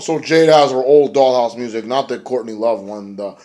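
A man's voice: medium pitch, fairly even intonation, fairly quick, hardly any pauses, mellow. A man casually recapping a wrestling show, rambling and profane with lots of "like".

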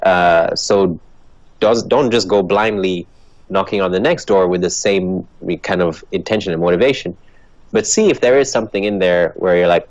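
Man guest, low voice, transatlantic accent, earnest and animated, dull dry recording. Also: moderate pace, dry recording. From Ethiopia. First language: Dutch. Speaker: guest, actor and comedian. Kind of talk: motivational interview answers.

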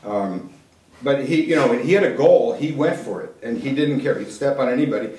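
An older man, a keynote speaker, tells a story conversationally in an echoey room, acting out the quoted dialogue. His mid-range voice is slightly mellow, fairly quick and lively in intonation, and it's picked up from some distance.

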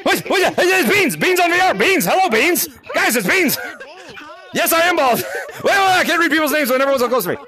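A man with a very high, bright voice that leaps all over the place, calling out to fans during a VR game session. He is loud and giggly and fires off words in rapid repeats, heard close through a headset mic. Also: very animated. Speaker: YouTube content creator. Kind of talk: excited live gameplay chat with fans. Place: virtual reality game lobby, at home.

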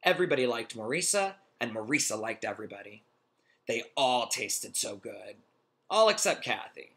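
A man reading a children's storybook aloud in a friendly, expressive, animated way. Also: mid-range voice, normal speed. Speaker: reader.

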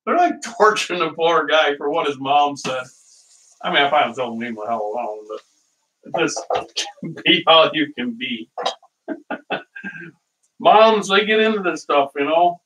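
Bright-voiced man rambling from across the kitchen. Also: on the high side, lively intonation, a little slow, pauses often. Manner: rambling storyteller, laughs often. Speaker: cooking show host. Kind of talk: casual chat while cooking. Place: home kitchen. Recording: voice heard from a distance.

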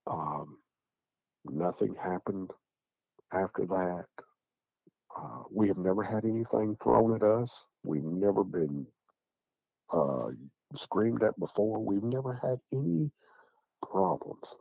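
A middle-aged Southern man from Tennessee tells a long story in a loose, rambling way, looping back with "he said." His voice is low, gravelly and husky. It comes through on dull, dry, lo-fi audio. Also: lively intonation, slow, pauses often, no room sound. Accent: Southern American. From Tennessee, USA. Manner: rambling, repeats "I said" and "he said". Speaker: guest recounting encounters. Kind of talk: casual storytelling.

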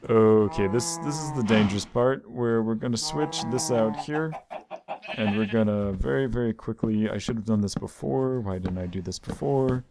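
A man's voice: on the low side, normal speed, noisy background. A man hosting his own gaming channel, giving loose, playful gameplay commentary and coaxing the animals on screen.

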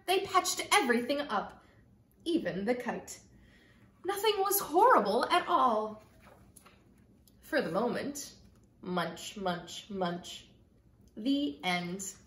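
A woman telling a children's story in an expressive storytelling manner, then talking to kids about it as a church storyteller. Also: high voice. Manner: expressive, sing-song storytelling. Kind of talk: read-aloud story and children's message. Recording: echoey room.

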